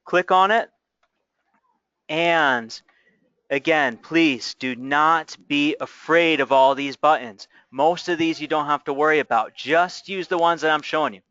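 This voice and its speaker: Casual male tutorial host, reassuring step-by-step patter, smooth voice, slightly dull lo-fi recording. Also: a little high, measured pace, sharp tone, no echo. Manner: chatty, reassuring, narrates each click.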